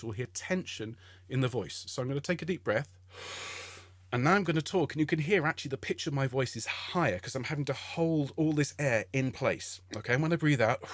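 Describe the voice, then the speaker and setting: Middle-aged male choir leader, patient and encouraging, close dry sound, mid pitch. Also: no echo. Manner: encouraging, patient, explains step by step with frequent "okay?". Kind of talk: online singing warm-up lesson.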